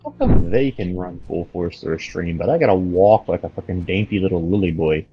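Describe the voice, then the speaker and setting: A man's voice: low voice, expressive, fairly quick, slightly rough, muffled recording, soft background music. A man playing a tabletop game, chatting loosely and jokily with plenty of swearing. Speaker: player. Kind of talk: casual tabletop game chat.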